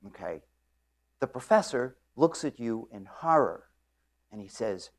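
A man lecturing on physics, explaining at a board in a joking storytelling way and often clearing his throat. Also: medium pitch, big pitch swings, moderate pace, fairly bright tone. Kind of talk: classroom lecture.

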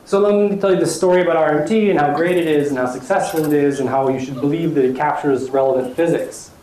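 A man's voice: on the high side, fast talker, warm tone. A young man giving an academic lecture with slides, talking with many fillers and restarts.

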